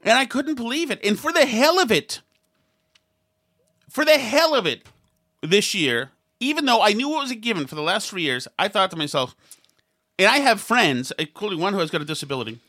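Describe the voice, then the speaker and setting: Rambling opinion-show commentator, sarcastic, bright tone. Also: mid-range voice, big pitch swings, a little fast. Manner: rambling, sarcastic, mimics others in quotes; frequent restarts and asides.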